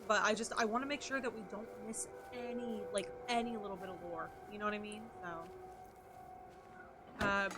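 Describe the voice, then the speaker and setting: A woman's voice: a little high, fairly bright tone, slight background noise. A woman streamer chatting playfully with her viewers while playing a game and answering their messages. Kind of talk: casual chat while playing.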